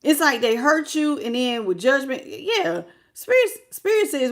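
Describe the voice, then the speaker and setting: A woman's voice: a little high, lively intonation, normal speed. Blunt, chatty woman tarot reader. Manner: blunt, colloquial, chatty with viewers. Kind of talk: casual tarot reading.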